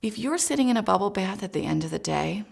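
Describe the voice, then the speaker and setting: A woman child psychologist giving a gentle, encouraging parenting talk, speaking directly to parents. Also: mid-range voice, animated, fast talker, gravelly.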